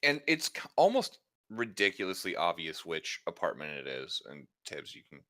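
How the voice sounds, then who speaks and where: A man running a tabletop role-playing game as game master, with a very low voice that still sounds bright and crisp. He describes each scene loosely, filling it with fillers and restarts. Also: very animated, normal speed. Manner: rambling descriptions full of fillers and self-corrections; laughs often between lines.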